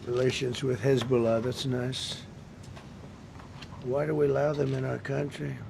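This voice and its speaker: A man's voice: medium pitch, level tone, measured pace, creaky, background noise. A man speaking off the cuff at a press briefing, rambling, repetitive and emphatic.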